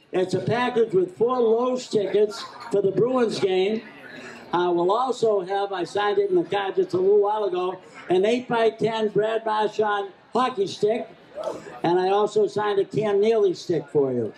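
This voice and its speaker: A man calling a live charity auction, joking with the room and rattling off bids in a rapid chant. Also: high voice. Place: event hall at a charity gala. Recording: echoey hall with crowd. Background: crowd laughing and chatting.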